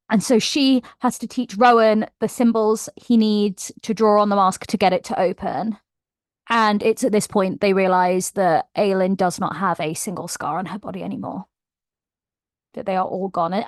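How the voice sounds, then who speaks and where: In an echo-free recording, a woman book vlogger speaks in a mid-range voice as she goes over a story's plot. She's casual but gushes, animated and emotional, as she retells it.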